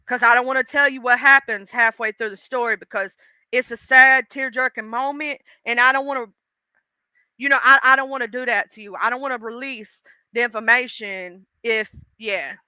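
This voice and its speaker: Brief: high-voiced woman live-streamer, smooth tone, animated and chatty, curses freely. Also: normal speed, dry recording. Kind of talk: casual live-stream chat.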